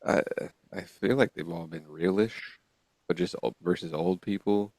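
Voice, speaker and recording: Gravelly deep-voiced man bantering. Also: normal speed, a little mellow, dry recording. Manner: laughs often, reads articles aloud. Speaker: podcast co-host. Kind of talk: casual banter.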